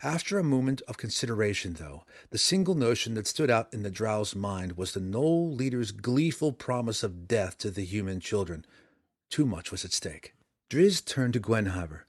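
Low-voiced man narrating a fantasy audiobook. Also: dry recording, clean studio sound.

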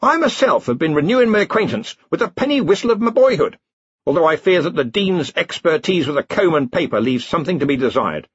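A hearty, blustering old wizard chief, done by a man booms along breezily in a raised voice. The tone is husky and the recording dull and dry. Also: big pitch swings, fairly quick, no room sound. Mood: jovial.

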